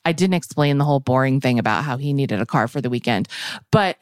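A woman's voice: rumbling low, fast talker, dry recording, clean studio sound. A middle-aged woman co-hosting a podcast in casual chat, telling a long story and acting out what her friends said. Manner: animated storyteller, acts out quoted friends. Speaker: podcast co-host.

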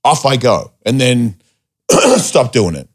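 In a laid-back podcast chat, a man with a mid-range voice tells stories at a slow pace. He's animated, curses heavily, and performs quotes in a raised voice.

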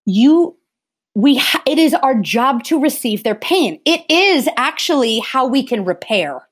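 Interview guest: woman, fairly high-pitched, impassioned and emphatic, restarts a lot. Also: sing-song, measured pace. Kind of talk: earnest conversational interview talk.

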